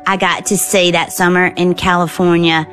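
A middle-aged woman from the American South, telling a personal story in a lively, animated way. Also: on the low side, normal speed, faint music behind. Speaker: storyteller guest.

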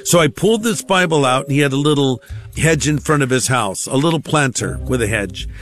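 A man's voice: medium pitch, lively intonation, fairly quick, fairly bright tone, soft background music. A man giving a conversational personal testimony, acting out the voices of the people in his stories.

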